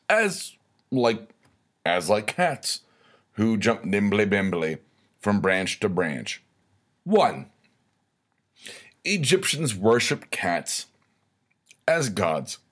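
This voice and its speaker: A man hosting a comedic rant monologue, sarcastic, profane and rambling. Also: on the low side. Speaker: host of a weekly rant segment.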